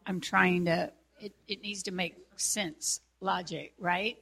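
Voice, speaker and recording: Bright-voiced woman musing casually. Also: lowish voice, steady tone, slow pace, vocal fry, slightly rough. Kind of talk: casual chat.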